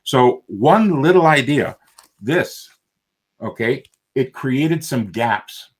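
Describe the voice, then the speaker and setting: A man's voice: medium pitch, animated, takes it slowly, breathy edge. A man, a self-published author, telling a story in a panel chat and acting out the voices he quotes.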